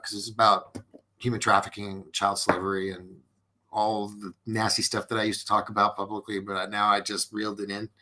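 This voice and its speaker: A man hosting a live-streamed podcast, talking loosely and earnestly to his viewers. His voice has a gravelly edge and a bright, forward tone. He rambles, restarts his sentences and fills the gaps with "you know" and "um". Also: lowish voice. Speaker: podcast host. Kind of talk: casual live-stream chat reading viewer comments.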